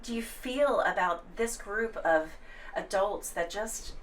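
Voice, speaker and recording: A woman hosting a podcast interview who speaks with warm sympathy and is close to tears. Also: mid-range voice, slow. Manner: warmly sympathetic, tearful. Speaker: podcast host. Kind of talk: interview conversation. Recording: voice a bit distant from the mic.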